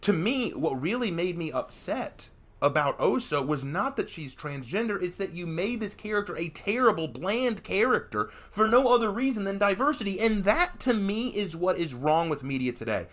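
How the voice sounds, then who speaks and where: A man's voice: high voice, sing-song, normal speed, fairly bright tone. A man streaming a game and commenting casually, ranting emphatically with frequent restarts.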